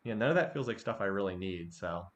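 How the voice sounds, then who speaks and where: A man commentating his strategy game as he plays, halting and repeating himself when frustrated. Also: low voice, lively intonation, highs cut off. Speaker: game streamer. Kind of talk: let's play commentary.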